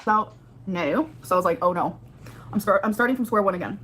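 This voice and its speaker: A woman's voice: mid-range voice, expressive, brisk, bright, forceful tone, husky. A young woman vlogging to her viewers, chatty and rambling, filling her speech with "like" while she does her makeup. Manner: chatty, rambling, heavy use of "like". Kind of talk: casual vlog talking to viewers.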